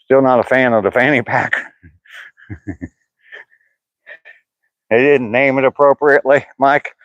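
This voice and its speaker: A man's voice: mid-range voice, a little slow, a bit bright, no room sound, highs cut off. An older man chatting casually with live chat viewers by name on an outdoor walk, mentioning his sore hip. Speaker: vlogger reading live chat.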